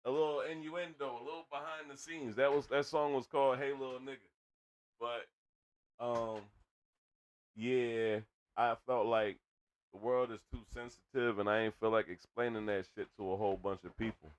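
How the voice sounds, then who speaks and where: A man's voice: mid-range voice, steady tone, moderate pace. Hyped man hosting a livestream. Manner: loud, hyped, swears freely. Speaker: stream host. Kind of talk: casual livestream chat.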